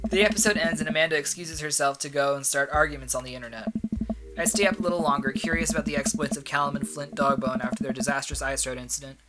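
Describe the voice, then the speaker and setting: Female let's-play host, low-pitched, playful reading of game text. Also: fairly even intonation, quick pace, very noisy. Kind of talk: casual let's play narration. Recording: loud game music behind.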